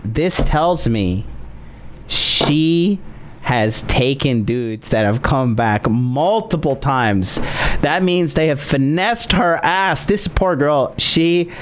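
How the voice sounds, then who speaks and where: A man's voice: on the high side, animated, slow pace, a little hiss or hum. Crude, stammering male commentator. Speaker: host. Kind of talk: reaction commentary.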